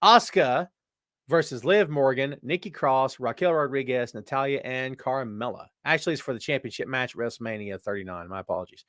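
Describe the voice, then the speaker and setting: A man's voice: mid-range voice, brisk, fairly bright tone, no room sound. Chatty male wrestling-show host, dry sound. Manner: chatty, reads viewer comments aloud, jokes. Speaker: podcast host. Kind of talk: casual live-stream chat.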